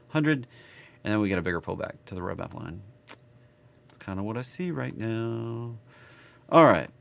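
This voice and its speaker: A man's voice: on the low side, creaky. A man with a Southern US accent giving casual live market chart commentary, rambling and thinking aloud as he works. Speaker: market analysis streamer.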